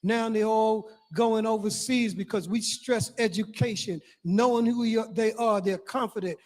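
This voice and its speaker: Older guy, pretty high voice, preachy speech, goes loud then soft, hammers out lists. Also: fairly even intonation, moderate pace, few pauses. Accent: non-Guyanese. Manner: preacherly, emphatic lists, rising and falling volume. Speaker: community speaker. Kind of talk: impassioned public address.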